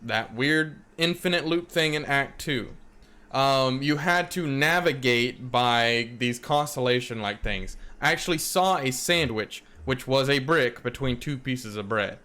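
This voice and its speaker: Let's-play host, man, bright voice, rambling, musing commentary. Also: medium pitch, measured pace. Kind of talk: casual game commentary.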